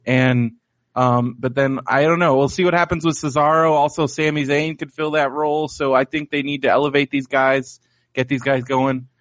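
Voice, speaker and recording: A man's voice: mid-range voice, little pitch movement, normal speed, a bit bright, dry recording. A man co-hosting a wrestling podcast in casual chat, joking around and cursing freely. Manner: joking, loose and profane. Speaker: podcast co-host.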